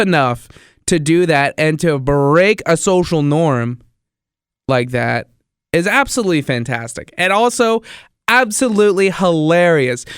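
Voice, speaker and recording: A young man who hosts his own podcast and works as a radio DJ delivers a casual solo monologue, enthusiastic and rambling and often repeating himself. His voice is on the high side and smooth, with clean studio sound and no echo.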